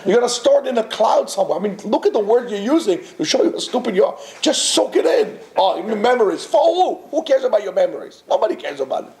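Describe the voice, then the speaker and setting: A man teaching a Torah class to students, animated and full of rhetorical questions and restarts. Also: high-pitched, quick pace, hardly any pauses, echoey room. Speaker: yeshiva teacher.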